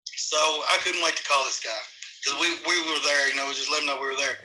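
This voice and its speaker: A middle-aged man, casually telling rambling, animated stories as a podcast guest. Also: mid-range voice, fast, rough recording. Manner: rambling, animated, with many restarts. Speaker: guest, former amateur wrestler. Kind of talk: casual storytelling.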